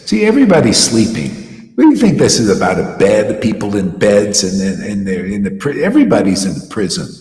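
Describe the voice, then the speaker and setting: Man, informal devotional sermon, animated and scornful, roomy echo, long reverb tail. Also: lowish voice, brisk. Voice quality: animated, scornful, mocking quacks, laughs often. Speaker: spiritual teacher. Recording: echoey room with long reverb.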